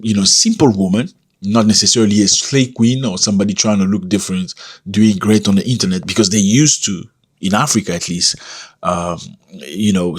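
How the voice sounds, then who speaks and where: A man giving opinionated commentary on a vlog, talking straight to his viewers with lively asides and calling them fellas. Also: fairly low pitch, slightly rough. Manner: animated, addresses viewers as fellas, frequent asides.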